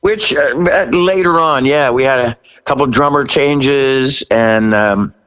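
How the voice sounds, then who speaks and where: A man in his sixties, a rock singer as a guest, telling a story in a casual interview, laughing often and jumping high when he quotes himself. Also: measured pace, fairly bright tone, smooth, muffled recording.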